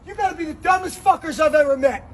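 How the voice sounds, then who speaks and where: A man screams in a drill-sergeant tirade, berating without a pause. His voice is pushed very high and strained by the yelling.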